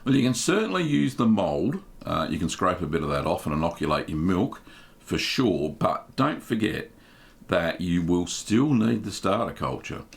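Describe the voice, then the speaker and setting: Gravelly Australian man chatting casually. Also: sits low, very animated, normal speed. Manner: chatty, greets viewers one by one with "g'day, mate". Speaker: host of a live cheese-making Q&A stream. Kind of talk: casual live-stream chat.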